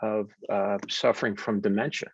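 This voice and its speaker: An American man, a wellness coach, telling stories earnestly and deliberately in an interview, with frequent fillers. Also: fairly low pitch, fairly even intonation, creaky, husky, no room sound. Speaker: wellness coach and podcast guest. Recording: dull dry remote audio.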